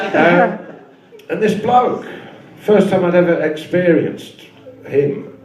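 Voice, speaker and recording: A man's voice: high voice, takes it slowly, darkish tone. A male stand-up comedian doing a live set, telling a rambling story with dry asides. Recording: echoey live room from far off.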